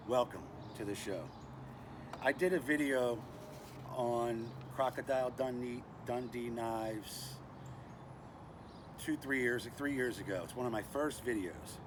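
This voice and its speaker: A man's voice: mid-range voice, background noise. An older man hosting a casual knife and gear review vlog, chatty and self-deprecating with lots of "uh" and "anyway.". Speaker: knife review channel host.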